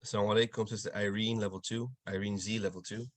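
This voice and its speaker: A man leads an online recitation lesson over a video call and patiently corrects each student. He speaks quickly in a slightly low voice. The sound is dry and close. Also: level tone, no room sound. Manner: patient, encouraging, demonstrates sounds slowly. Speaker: Quran recitation teacher.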